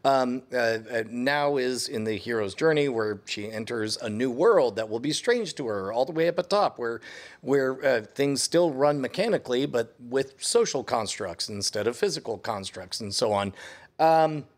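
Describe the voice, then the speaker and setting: A man's voice: medium pitch, lively intonation, moderate pace. A man co-hosting a casual talk show, joking and laughing often as he talks. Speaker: co-host. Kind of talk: casual chat.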